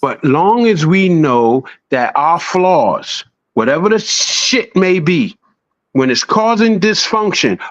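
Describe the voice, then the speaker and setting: A man in a casual podcast chat, swearing freely and preaching with animated storytelling. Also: medium pitch, normal speed, no room sound, muffled recording.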